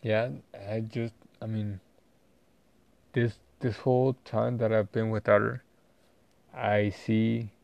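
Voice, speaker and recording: A man talking casually in a personal vlog, rambling and halting with many fillers and restarts. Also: fairly low pitch, level tone, creaky, darkish tone, dry recording. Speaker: vlogger.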